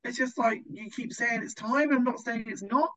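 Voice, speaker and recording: A man's voice: very high voice, moderate pace, fairly bright tone, pitched above the performer's own voice. A man doing a whiny rambling young woman.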